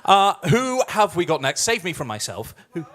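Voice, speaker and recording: A man's voice: sits high, sing-song, moderate pace, a bit bright. A man hosting a live musical theatre night, chatting in a self-mocking, playful way. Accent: Scottish. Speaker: host. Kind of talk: live cabaret hosting banter. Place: live music club venue.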